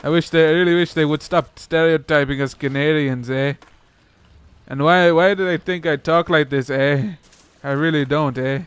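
A man's voice: on the high side, steady tone, normal speed, clean tone, no echo, close to an everyday voice. A man hamming up a Canadian stereotype. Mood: mock indignant. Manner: tacks "eh" onto every sentence, mock complaining.

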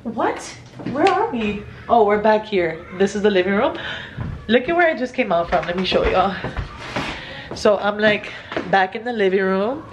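A woman, giving an excited, gushing house tour for her vlog, filmed on a phone indoors. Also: medium pitch, moderate pace, highs cut off, background noise. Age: 30s. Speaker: vlogger. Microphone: handheld phone camera.

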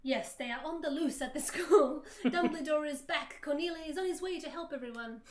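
A woman's voice: high voice, brisk. A woman guest on a livestream reading fan fiction aloud in a mock-dramatic way, often laughing. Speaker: guest co-streamer.

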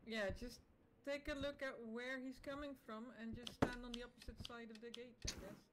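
A woman playing a game alongside a streamer, giving short, low-key instructions. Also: flat delivery, a little fast. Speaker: co-player. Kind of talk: casual gameplay chat.

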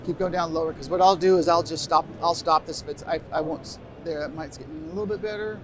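On a convention stage in front of an audience, a middle-aged man runs a live workshop over a stage mic. He talks fast in a slightly high voice, keeping things casual while giving instructions to the sound crew, and the live room is noisy with background room noise.

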